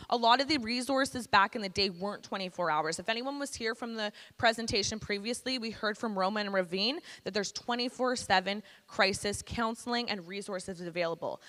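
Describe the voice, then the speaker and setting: A woman's voice: mid-range voice, sharp tone. Candid woman speaker in an echoey hall. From Canada. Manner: candid, blunt and casual. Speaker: guest speaker. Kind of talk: personal testimony to students. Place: school presentation hall.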